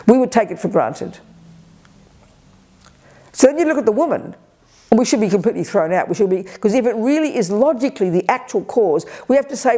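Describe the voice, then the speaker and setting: An older woman teaching at a Buddhist retreat, energetic and emphatic, acting out people's inner voices. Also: mid-range voice, brisk. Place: retreat center hall.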